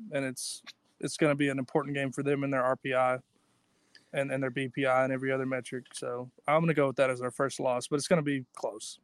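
Flat-voiced man with robotic call glitches. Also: medium pitch. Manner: brief, agreeing, repeats himself. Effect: robotic glitchy call audio. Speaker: podcast co-host. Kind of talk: casual sports chat. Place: away from home on weak Wi-Fi.

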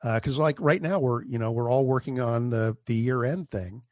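A man hosting a podcast in a loose, chatty way, wandering through his sentences with fillers. His voice sits at an ordinary pitch. The sound is dry and close, with no room around it. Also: moderate pace, darkish tone, no room sound. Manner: chatty, rambling, with fillers and restarts. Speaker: podcast host. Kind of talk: casual interview chat and show outro.

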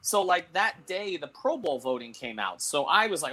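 A middle-aged man telling a long anecdote in casual talk-show chat, animated and laughing, with many restarts. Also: a little high, moderate pace, slight background noise. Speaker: sports columnist and show host.

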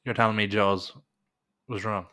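A man's voice: lowish voice, little pitch movement, moderate pace, pushed and bright. A young man with a Northern Irish accent, co-hosting a podcast in casual chat, swearing freely and telling vivid stories. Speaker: podcast co-host.

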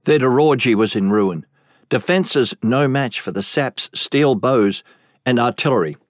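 Slow, deliberate male audiobook narrator. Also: mid-range voice, no echo, clean studio sound. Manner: measured, deliberate storytelling. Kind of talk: scripted narration.

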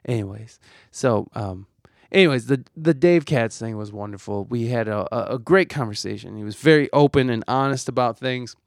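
A man's voice: mid-range voice, moderate pace, creaky, no room sound, studio quality. A young man hosting a podcast, talking in a rambling, profane, self-deprecating way. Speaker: podcast host. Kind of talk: casual solo chat.

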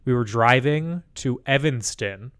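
A man co-hosting a podcast over a remote call, telling rambling stories with deadpan asides. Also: mid-range voice, a little slow, clear, resonant tone. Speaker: podcast co-host. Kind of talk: casual chat. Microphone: remote call mic.

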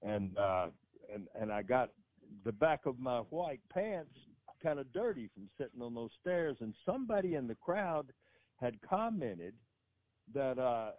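A man's voice: medium pitch, very animated, measured pace, dry recording. Older man telling stories over a phone line. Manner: rambling anecdote with many restarts. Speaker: wrestling manager guest. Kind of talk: casual storytelling.

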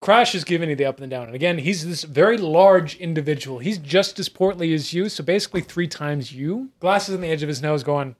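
A man with a fairly high voice runs a tabletop game, narrating scenes with a playful, theatrical flair. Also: a little fast, hardly any pauses. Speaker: game master.

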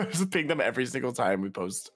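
A man's voice: mid-range voice, very animated, a little fast, a bit bright, dry recording, clean studio sound. A young man co-hosting a casual podcast, playful and laughing, with mock self-pity. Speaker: podcast co-host.

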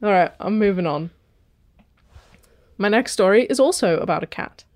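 A woman's voice: mid-range voice, lively intonation, normal speed, dry recording, clean studio sound. A woman co-hosting a podcast, reading out a story in a playful way. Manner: playful, laughs often, reads stories aloud. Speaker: podcast co-host. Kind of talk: casual storytelling chat.

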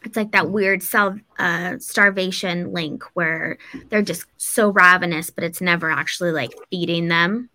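Woman co-host, loose, rambling storyteller who swears; bright, sharp tone. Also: lowish voice, steady tone, unhurried. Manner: rambling, loose, swears, lots of likes and ums. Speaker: podcast co-host. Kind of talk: casual storytelling chat.

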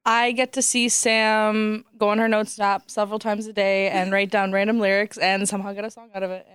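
A woman's voice: medium pitch, little pitch movement, brisk, fairly bright tone, clear, resonant tone, no echo. A woman telling a story about her best friend in a chatty way, acting out what people said. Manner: chatty, acts out quoted dialogue. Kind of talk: casual storytelling.

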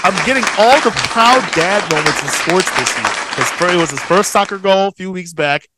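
A man in his thirties co-hosting a casual podcast, telling stories in a profane, excitable, proudly boastful way. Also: high voice, moderate pace, over a noisy crowd, very noisy. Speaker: podcast co-host. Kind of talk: casual chat.

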